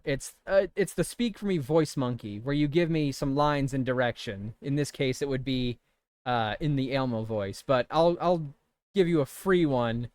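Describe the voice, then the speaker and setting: A streamer in their thirties chatting casually and rambling while playing a video game. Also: mid-range voice. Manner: chatty, self-amused, rambling.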